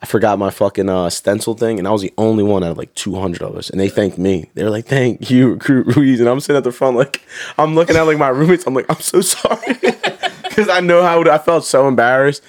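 A young man telling stories in a casual chat, animated and swearing, acting out drill instructors. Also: mid-range voice, quick pace, no echo, clean studio sound. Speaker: guest.

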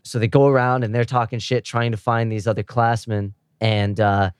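A man's voice: mid-range voice, level tone, moderate pace, smooth, dry recording, studio quality. A man casually recapping the plot of a show's first episode, slipping now and then into the characters' quoted lines as he tells it.

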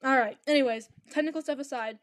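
A young woman with a high voice co-hosts a casual chat, recorded close and dry. She is chatty and playful, tossing in quick asides. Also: no echo. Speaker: podcast co-host.

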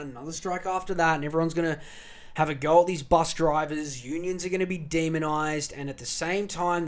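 An Australian man hosting a podcast, ranting angrily and sarcastically with heavy profanity. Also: fairly high pitch. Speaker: podcast host. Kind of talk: ranting monologue.

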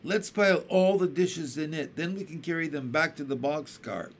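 A man's voice: a little high, normal speed, a little hiss or hum, natural voice. A man reading aloud and voicing a practical, kind older sister who encourages the younger children. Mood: cheerful.

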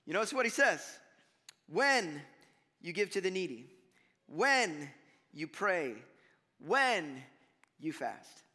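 A man's voice: sits high, a little fast, few pauses. A man preaching a sermon as pastor, talking conversationally to his congregation and acting out what people say. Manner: conversational, animated, acts out mock voices. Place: church sanctuary. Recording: long reverb of a church hall.

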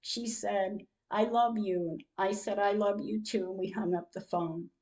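A woman's voice: mid-range voice, fairly even intonation, measured pace, a little mellow, low-quality recording. An older woman narrating her own day as a diary, reading out times and messages, emotional at times. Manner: reads out dated entries and messages, emotional. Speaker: podcast host. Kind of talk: diary-style personal narration.

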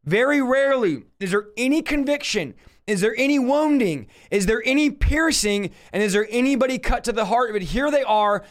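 Fiery high-voiced male preacher. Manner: impassioned, rising to shouts, rhetorical questions. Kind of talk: fervent sermon-style Bible teaching.

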